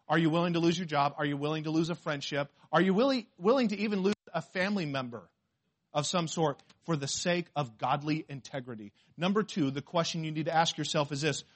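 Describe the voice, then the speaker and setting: Preaching from the pulpit, this male pastor uses a voice on the high side. His emphatic sermon leans on rhetorical questions and moves from hushed asides to booming declarations.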